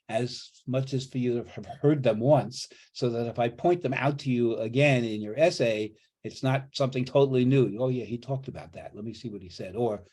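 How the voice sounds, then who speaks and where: A man's voice: medium pitch, warm tone. A man teaching a college writing class over a video call, explaining grammar patiently and repeating key points. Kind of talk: online class lecture. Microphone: computer mic on a video call.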